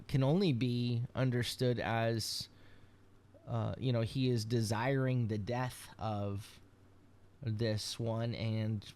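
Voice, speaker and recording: A rabbi giving a daily devotional, reading scripture aloud and explaining it with frequent ums and restarts. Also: male voice, medium pitch, creaky, darkish tone. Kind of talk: devotional Bible teaching.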